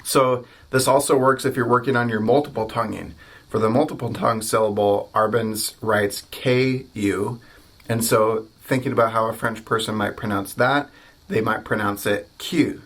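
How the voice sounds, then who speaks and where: A man's voice: fairly low pitch, steady tone, normal speed, a bit bright. An American man teaching a trumpet lesson, explaining articulation and saying practice syllables aloud. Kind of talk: instructional video lesson.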